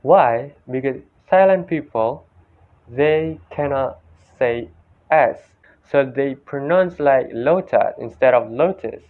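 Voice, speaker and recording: Young man, Indonesian accent, student presenter, slow careful delivery, phone-like audio. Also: mid-range voice, a little hiss or hum. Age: young adult. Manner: slow, repeats each example word several times. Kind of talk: classroom presentation comparing accents. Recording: tinny phone-like sound.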